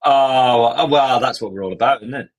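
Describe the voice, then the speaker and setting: A man hosting a live software lesson, walking through steps in a chatty, joking way. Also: mid-range voice, moderate pace, dull audio. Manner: chatty, jokey, step-by-step. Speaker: tutorial host.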